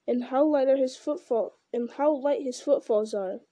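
A woman reading aloud plays an eager young hobbit full of questions. Her voice is slightly high and very mellow, recorded close and dry. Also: normal speed, no echo. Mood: curious. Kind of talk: reading a fantasy novel aloud.

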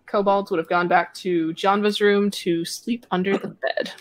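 A woman's voice: mid-range voice, steady tone, normal speed, no echo. A woman narrating patiently as the game master of a tabletop game over a home microphone.

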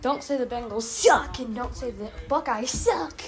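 A woman's voice: fairly high pitch, moderate pace, music in the background. A woman hosting a silly improvised podcast, rambling goofily and switching into playful voices. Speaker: podcast host. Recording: noisy home recording with clicks.

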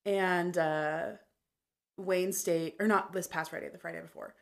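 A woman's voice: on the low side, fairly even intonation, a little slow, gravelly. A woman in her twenties, a podcast guest chatting casually and telling stories full of "like". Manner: chatty storyteller, fills speech with "like". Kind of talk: casual chat. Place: podcast recording.

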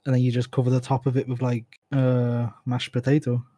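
A man from Britain chatting casually as a guest, giving brief, soft-spoken answers. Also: mid-range voice, completely flat delivery, a little fast. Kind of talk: casual chat.

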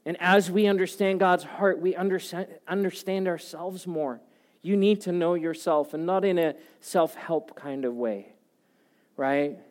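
A man preaching a sermon, moving between loud, urgent passages and soft, hushed ones. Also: sits high, fairly even intonation, unhurried. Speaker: pastor.

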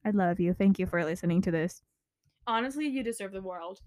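A young woman hosting a casual solo podcast, ranting loudly with swearing and sudden screams while tidying her room. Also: mid-range voice, lively intonation, brisk. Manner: swearing, loud outbursts and screaming. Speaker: podcast host.

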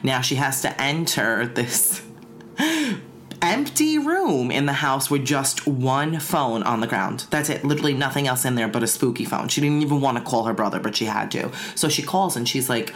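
A woman's voice: a bass voice, expressive, normal speed. A woman casually telling a spooky story on a podcast, chatty and full of "like" fillers.

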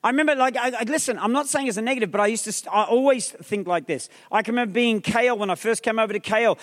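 A male pastor preaching an energetic sermon, rousing the crowd with repeated questions and calls, mixing in humorous asides. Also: sits high, rapid-fire. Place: large theatre hall. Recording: long reverb of a large theatre.

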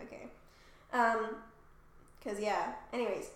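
High bright young woman, echoey room. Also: a little fast. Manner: rambling, swears casually. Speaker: podcast co-host. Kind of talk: casual chat, retelling a myth.

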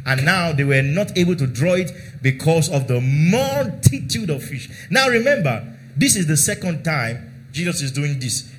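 A male pastor preaching a sermon in church, asking the congregation for amens and acting out Bible scenes. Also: fairly high pitch. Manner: preaching with call-and-response prompts and dramatized Bible quotes.

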